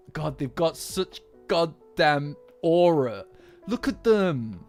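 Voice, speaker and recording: A man hosting a casual chat about an anime episode. He talks in an excitable way, laughs often, and keeps repeating and restarting his words. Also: on the high side, extremely slow. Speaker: anime reaction host. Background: faint background music.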